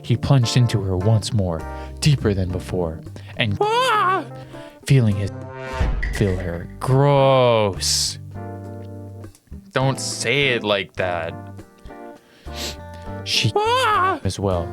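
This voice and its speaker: Slow, flustered man reading fanfiction aloud. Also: fairly low pitch, over music. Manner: amused, flustered asides. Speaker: reader.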